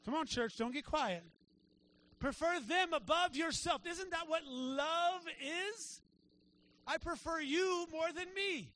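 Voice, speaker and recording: A man preaching a sermon to his church, talking in a casual way and checking in with the congregation with quick asides. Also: extremely high pitch, bright, forceful tone. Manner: conversational preaching with frequent "right?" asides. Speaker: pastor. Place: church sanctuary.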